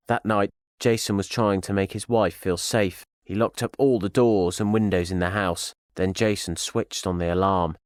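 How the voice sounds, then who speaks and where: Deep-voiced man narrating a thriller. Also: no echo, clean studio sound. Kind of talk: scripted audiobook narration.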